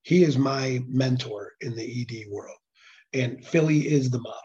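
A slightly hoarse man speaks earnestly and casually in an interview, often stopping to restart his phrasing. His voice has a dull, lo-fi quality. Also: medium pitch, normal speed, mellow. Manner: earnest, with frequent restarts and fillers. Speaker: nonprofit executive director. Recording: dull lo-fi sound.

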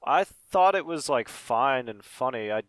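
A man's voice: medium pitch, lively intonation, unhurried, fairly bright tone, clear, resonant tone, no echo. A man on a casual podcast panel, hesitant and full of fillers as he recalls things. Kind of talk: casual chat.

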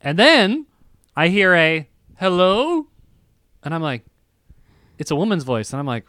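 A man's voice: high-pitched, unhurried, long pauses, smooth, dry recording, studio quality. A young man telling a story in casual chat, acting out what people said. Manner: animated storyteller acting out quoted lines.

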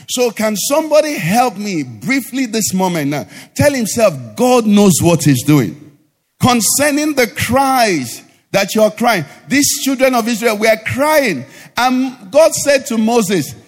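Male pastor, high sing-song call-and-response sermon, live hall reverb. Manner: call-and-response preaching, asks the congregation to finish sentences; sing-song rising delivery at climaxes. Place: church. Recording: live church hall with reverb and faint music.

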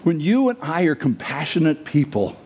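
A man preaching a sermon as pastor, conversational and animated, asking his listeners questions and dropping to hushed asides. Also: on the high side, normal speed, slightly rough. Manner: animated, swings between loud and hushed; conversational, asks the congregation questions.

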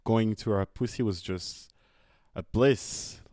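A man's voice: on the low side, takes it slowly, a little mellow. A man appearing as a podcast guest, telling a personal story in a casual, laughing way. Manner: casual, laughing, with fillers like "like" and "basically".

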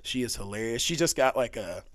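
Young male guest, animated chatty storyteller, mid-range voice, close dry recording. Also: mid-range voice, fairly quick, no echo. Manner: animated, laughing storyteller with many fillers. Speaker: podcast guest. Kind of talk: casual storytelling chat.

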